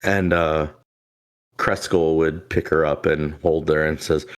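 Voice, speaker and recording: Low-voiced man running a tabletop game. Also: fairly even intonation, slow pace. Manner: loose and rambling, full of "like" fillers. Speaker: game master.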